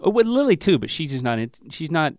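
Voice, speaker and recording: A middle-aged man chats on a podcast, spinning rambling, self-deprecating yarns. His pitch jumps around a lot, and the sound is dry and close-miked. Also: fast, no room sound. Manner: rambling, self-mocking storytelling with lively pitch swings. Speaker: podcast co-host. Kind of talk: casual comedic chat.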